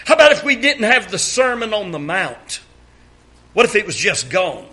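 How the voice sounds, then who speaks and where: A man's voice: high voice, big pitch swings, moderate pace, sharp tone. A man preaching a sermon, reading scripture aloud and asking the congregation to read along, with emphatic rhetorical questions.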